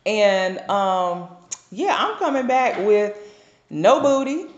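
A woman, co-hosting a podcast and telling a lively story with plenty of laughter. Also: medium pitch, slow, lo-fi sound. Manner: animated storytelling, laughs often. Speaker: podcast co-host. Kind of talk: casual chat. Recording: echoey room.

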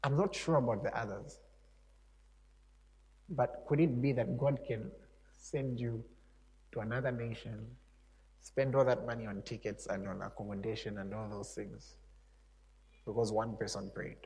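A male preacher delivering a sermon in a conversational, animated storytelling manner, chuckling often. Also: lowish voice, moderate pace, pauses often. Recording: echoey hall reverb.

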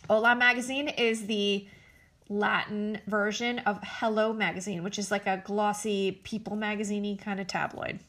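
A woman's voice: mid-range voice, fairly even intonation, moderate pace, a bit bright. A woman hosting a casual commentary show, blunt and sarcastic, swearing freely as she talks.

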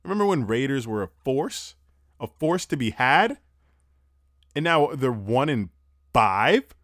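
A young man hosting a casual football recap podcast, talking fast, animated and profane, breathing heavily into a close mic. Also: medium pitch, dry recording. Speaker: sports podcast host.

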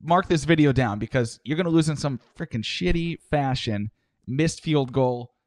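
A man's voice: medium pitch, moderate pace, no echo, studio quality. A man co-hosting a casual chat, teasing and needling his partner. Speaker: podcast co-host.

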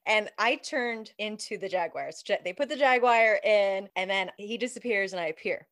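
A woman's voice: medium pitch, moderate pace, fairly bright tone. A woman hosting an interview podcast in casual chat. She reacts with exclamations and swaps in her own stories. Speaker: podcast host.

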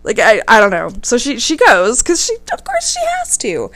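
A woman hosting a podcast, retelling a story in a casual, animated way, indignant and swearing freely. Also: fairly high pitch, normal speed. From United States.

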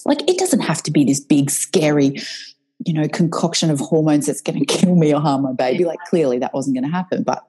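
A woman tells her own story as a guest, candid and animated. Her voice sits low and mellow with a husky edge, and she speaks with open emotion and the odd swear word. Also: fairly quick, low-quality recording.

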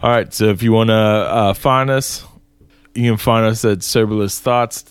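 A man's voice: fairly low pitch, steady tone, moderate pace, clean tone, dry recording. A man co-hosting a podcast, telling a long profane story in casual chat from a small dry room. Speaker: podcast co-host.

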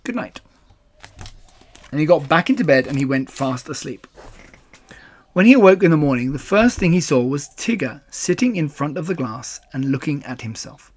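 A man's voice: on the high side, lively intonation, moderate pace. Man reading a children's story. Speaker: narrator.

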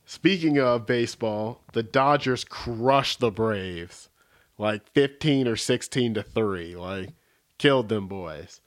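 A man hosting a podcast in a relaxed, joking way, rambling with fillers. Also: fairly low pitch, slow. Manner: laid-back, jokey, rambling with fillers. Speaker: podcast host. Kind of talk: casual chat.

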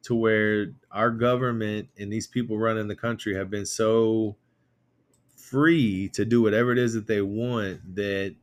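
A man's voice: fairly low pitch, measured pace. Rambling man on a political podcast. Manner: rambling, animated retelling with quoted voices. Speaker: podcast co-host. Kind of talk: casual political chat.

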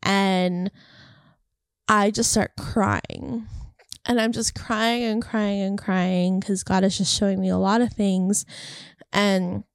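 A woman's voice: medium pitch, flat delivery, takes it slowly, vocal fry, clean tone, no echo, clean studio sound. A young woman talking casually and earnestly to camera about faith and encouragement, rambling and heartfelt. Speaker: faith vlogger. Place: California.

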